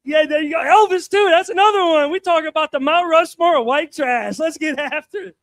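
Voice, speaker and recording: A man's voice: very high voice, a little fast, a bit bright, no room sound. A young man doing a crude, self-mocking stand-up set on a comedy showcase stage, talking casually with the crowd.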